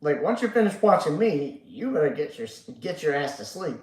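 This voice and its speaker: On the high side and sing-song at a normal speed, a sleepy, yawning man reads his live stream chat aloud, rambling casually with lots of fillers and swearing. The recording is rough and reverberant.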